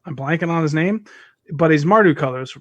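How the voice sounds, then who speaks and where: A man's voice: a little high, fairly quick, no room sound. A man co-hosting a podcast in casual chat, rambling and joking and swearing freely. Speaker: podcast co-host.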